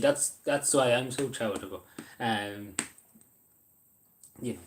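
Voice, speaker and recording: A man's voice: fairly low pitch, normal speed. A man chatting casually on a livestream, hesitant and apologetic, with many fillers, eating while he talks.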